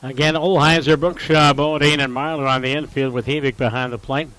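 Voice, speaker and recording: A man calling college baseball play-by-play, steady and informative, lifting his voice sharply on big plays. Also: mid-range voice, brisk, no room sound, poor audio. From Upper Midwest US. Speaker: play-by-play announcer.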